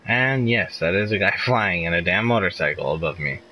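A man's voice: deep voice, animated, normal speed, pushed and bright, poor audio. A young man live streaming a video game, chatting casually and swearing as he gets frustrated. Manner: frustrated, swearing, laughing outbursts. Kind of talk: casual gameplay commentary.

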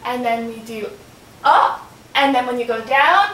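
A woman's voice: expressive, measured pace, fairly bright tone. A woman filming a casual home workout in her bedroom, chatting and talking to her baby as she exercises, getting out of breath. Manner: chatty, talks to her baby in a sing-song voice. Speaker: vlogger. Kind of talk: casual home fitness demonstration. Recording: roomy, from a distance with faint rumble.

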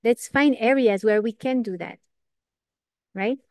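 A woman giving an informal Torah class, earnest and lively, asking questions and answering them herself. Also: fairly high pitch, unhurried, no echo, clean studio sound. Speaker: Torah teacher.

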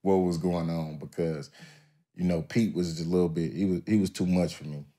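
A man's voice: low-pitched, steady tone, moderate pace, dark tone. A man as a podcast guest telling stories in a laid-back, drawling, profane way, often acting out what others said. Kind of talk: casual interview storytelling.

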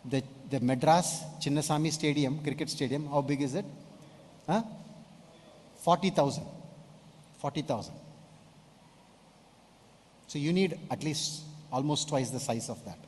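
Male pastor, emphatic preacher, slightly high voice, long church-hall reverb. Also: a little fast, few pauses, darkish tone. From India. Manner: emphatic, asks congregation questions. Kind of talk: sermon.

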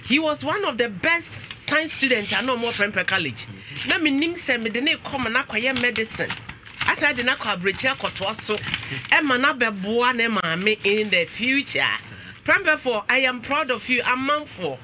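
A man's voice: very high-pitched, lively intonation, normal speed, noisy background. A man with a Ghanaian accent hosting a talk show, switching between English and Twi and exclaiming often.

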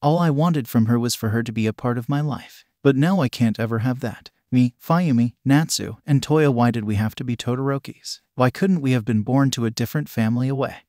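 A man's voice: mid-range voice, a little fast, few pauses, darkish tone, no echo, clean studio sound, lightly acted. A man voicing a hurt, guilt-ridden teenage boy in a storybook reading, pleading and apologetic. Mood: anguished.

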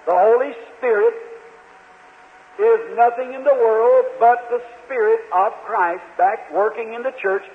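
A man preaching a sermon in a large church, telling a Bible story earnestly with halting restarts and quoted voices. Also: very high voice. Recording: old lo-fi tape, hall reverb, tinny.

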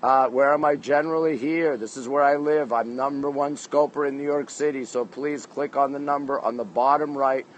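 A chatty man hosting a livestream outdoors on a rooftop at night, speaking into a phone held at arm's length. He greets one viewer after another by the name of their town or country and answers their comments in a friendly, upbeat way. His voice sits at an ordinary middle pitch for a man. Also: fairly even intonation, normal speed, few pauses, slight background noise, poor audio. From Canada. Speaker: livestream host.

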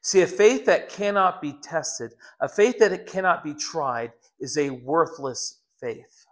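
A middle-aged man delivers a sermon in a notably high voice. He tells stories in an earnest way and often repeats words as he restarts his sentences. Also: measured pace. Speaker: preacher.

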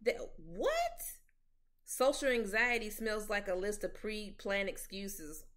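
A young woman hosting a casual commentary chat, outspoken and animated, often stammering and restarting with plenty of slang. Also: medium pitch, slow pace. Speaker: podcast host.

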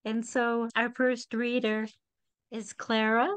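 A woman's voice: mid-range voice, steady tone, slow, clean tone. A woman hosting a reading series, welcoming the audience and reading a guest's bio. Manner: reads a guest bio aloud. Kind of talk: introducing readers.

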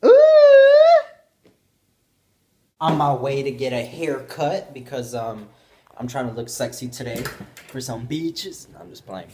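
A man's voice: mid-range voice, moderate pace, noisy background. A young man vlogging casually, joking around and baby-talking to his puppy, now and then slipping into Spanish phrases. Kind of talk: casual vlog chat.

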